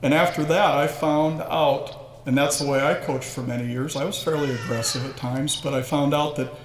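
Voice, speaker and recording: A man's voice: on the high side, steady tone, normal speed, slight background noise. A man in his sixties giving a humorous, self-deprecating induction speech full of stories. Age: 60s. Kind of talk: storytelling speech. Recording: echoey hall with faint ambience.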